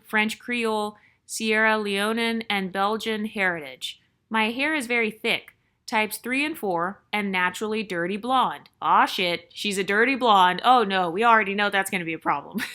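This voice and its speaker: A woman's voice: mid-range voice, pushed and bright. A woman hosting her channel, reading a viewer's story aloud in a chatty way and breaking in with joking asides.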